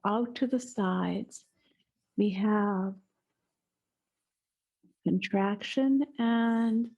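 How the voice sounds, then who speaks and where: A middle-aged woman teaching a guided movement lesson indoors, giving slow, soothing instructions with soft breathy asides. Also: medium pitch, dull audio. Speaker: eurythmy teacher. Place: indoor room, small.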